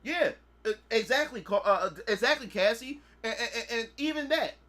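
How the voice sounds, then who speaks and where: A man's voice: very high voice, expressive, normal speed, bright, forceful tone. A man hosting a podcast, talking in a blunt, profane, lecturing way and leaning on repeated filler phrases. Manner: emphatic, preachy lecturing. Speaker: podcast host. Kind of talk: casual podcast monologue.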